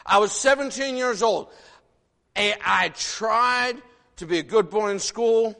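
A man in his sixties, originally from the northern United States, preaching a sermon in an animated, folksy way, full of rhetorical questions. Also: high voice, measured pace, creaky. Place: church sanctuary. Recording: long reverb of a large hall.

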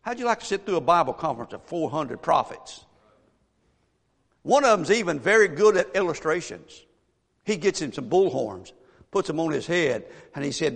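A man preaching a sermon as a pastor, telling a story with animated asides and rhetorical questions to the congregation. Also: a little high, moderate pace, creaky. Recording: echoey church hall.

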